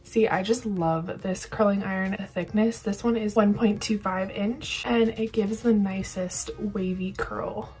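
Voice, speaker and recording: A woman's voice: medium pitch, fairly even intonation, unhurried, a little mellow. Young woman, beauty vlogger, upbeat and chatty, mid-range voice, light music behind. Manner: chatty, upbeat, demonstrating as she goes. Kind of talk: casual hair tutorial.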